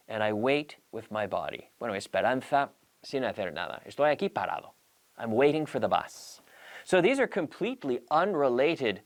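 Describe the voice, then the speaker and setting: A man hosting a language-learning show, teaching in a lively, playful way and acting out little scenes as examples. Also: mid-range voice. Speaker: English teacher and show host. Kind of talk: bilingual language lesson.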